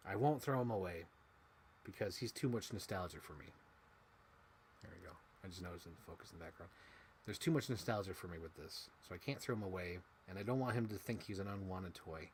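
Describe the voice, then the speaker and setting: Speaking a little fast in a low-pitched voice, a young man vlogs about his childhood toys while unboxing them, excited and swearing casually. His volume veers from loud squeals to quiet mumbles, and a little hiss or hum can be heard.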